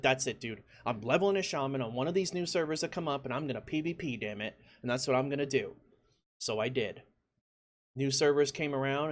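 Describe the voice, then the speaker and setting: Excited casual storytelling gamer man. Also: medium pitch. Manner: animated, bursts into excited shouts when quoting himself; lots of "like" fillers, conversational. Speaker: gaming YouTuber.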